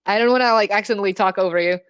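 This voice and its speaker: A woman running a tabletop game as game master, talking in a hesitant, halting way with many fillers. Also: mid-range voice, smooth, dry recording. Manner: hesitant, many ums and likes.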